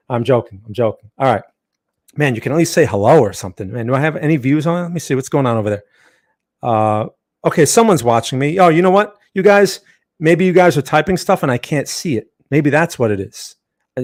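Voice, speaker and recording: A man's voice: mid-range voice, a little mellow. A man hosting a trading livestream, talking casually through market events with joking asides and frequent "right?" checks.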